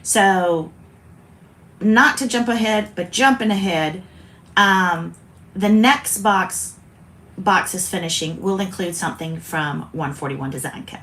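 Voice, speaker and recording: A woman's voice: on the low side, slow pace, a bit bright. A woman from South Carolina, hosting a chatty, rambling craft video and often interrupting herself. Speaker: host. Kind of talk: casual chat.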